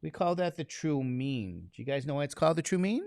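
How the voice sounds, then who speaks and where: A man's voice: a little high, very animated, fairly quick, creaky, darkish tone, no room sound, studio quality. A man teaching statistics to a classroom, talking casually and constantly quizzing his students with questions. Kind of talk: classroom lecture.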